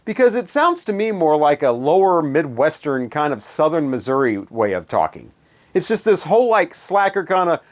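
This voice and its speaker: A man's voice: fairly high pitch, big pitch swings, normal speed. A man reviewing albums in a casual, rambling way with many fillers and wry asides. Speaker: music reviewer.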